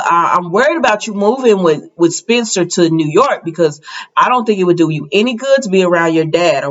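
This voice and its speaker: A chatty woman talks through a soap opera episode, jumping into the characters' lines with a higher voice. The sound is slightly dull and lo-fi. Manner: chatty, acts out characters' lines with raised pitch. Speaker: soap opera recap host. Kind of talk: casual episode recap.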